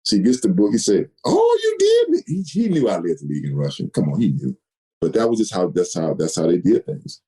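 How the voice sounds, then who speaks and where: A man in his sixties, a guest in an interview, telling stories with lively delivery and acting out quoted dialogue. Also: low-pitched, quick pace, poor audio. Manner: animated storyteller, acts out quoted dialogue. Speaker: guest, retired football player. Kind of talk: storytelling interview.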